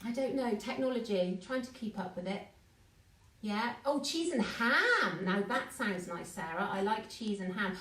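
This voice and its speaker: A woman's voice: medium pitch, expressive, moderate pace, fairly bright tone. A woman running a live online baking class, chatting and greeting viewers by name as she mixes. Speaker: baking teacher. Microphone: phone. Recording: echoey room, distant mic.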